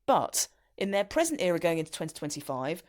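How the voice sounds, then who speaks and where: Playful, lively-voiced woman podcast co-host. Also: on the low side, fairly quick. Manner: playful, giggly, teasing. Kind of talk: casual podcast chat.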